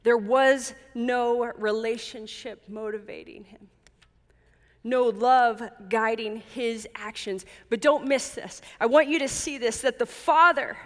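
Woman pastor, higher voice, earnest measured sermon delivery, church hall reverb. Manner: earnest, measured, with emphatic repetition.

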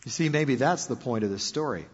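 A man preaching a sermon in an animated, conversational storytelling manner. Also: medium pitch, a little fast, breathy edge. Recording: dull lo-fi sound with long hall reverb.

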